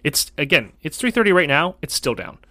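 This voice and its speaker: A man hosting a casual podcast, telling a long story in an animated, rambling way with many self-corrections. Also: a little high, brisk, dry recording, clean studio sound. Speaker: podcast host.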